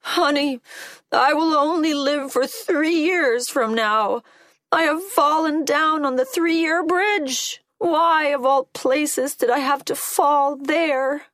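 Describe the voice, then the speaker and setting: A woman voicing a distraught old man in a storybook tale, crying out in high, strained despair. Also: slow pace, a bit bright, no echo, clean studio sound.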